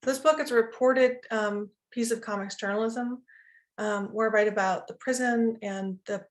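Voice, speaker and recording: A woman's voice: on the high side, steady tone, moderate pace. A woman author casually introducing her book before a reading, with many filler words.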